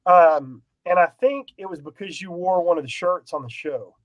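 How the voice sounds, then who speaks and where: A man's voice: high voice, normal speed, rough recording. A man co-hosting a casual podcast chat, rambling and self-deprecating, laughing often. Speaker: podcast co-host.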